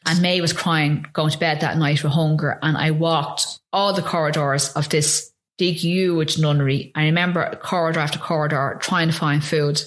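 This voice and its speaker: A woman's voice: low-pitched, steady tone, normal speed, hardly any pauses. A woman, an interview guest telling a personal story in earnest, vivid detail with some hesitations. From Ireland.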